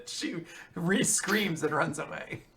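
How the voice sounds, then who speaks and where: A man's voice: on the high side, animated, normal speed, bright, forceful tone, a little hiss or hum. A man co-hosting a podcast, chatting casually and teasing his co-host with joking banter. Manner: joking, mock-boastful banter. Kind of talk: casual chat.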